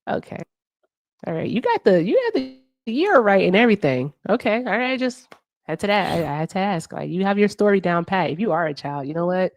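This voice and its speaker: Speaking a little fast in a sing-song mid-range voice, a woman runs a relaxed livestream chat. She grills callers in a blunt, teasing manner and addresses viewers directly.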